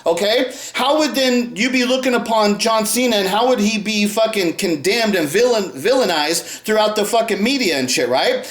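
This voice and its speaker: A man's voice: high-pitched, animated, normal speed, hardly any pauses, fairly bright tone, echoey room. A man delivering an angry, profane rant to camera, mocking others in put-on voices. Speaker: sports card YouTuber.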